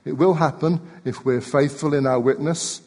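A male pastor giving a sermon in a gentle, measured way, sometimes repeating his words. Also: a little high, steady tone, big-room sound. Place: church sanctuary.

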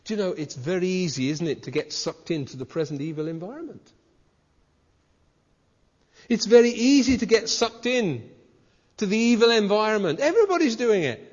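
A man's voice: high voice, lively intonation, moderate pace, long pauses. A man preaching a sermon in a conversational way, asking his listeners questions. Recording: dull recording with hall reverb.

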